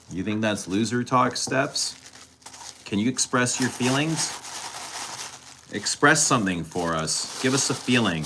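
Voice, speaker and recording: A man with a very low voice talks casually to his live-stream viewers. He is chatty and teasing and answers them directly. A clear hiss of noise sits under the recording. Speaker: fragrance streamer.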